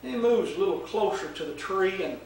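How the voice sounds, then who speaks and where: An older man teaching a Bible lesson, telling the story in a slow, folksy way with fillers, in an echoey room with the mic set far off. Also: sits high, animated, slight background noise.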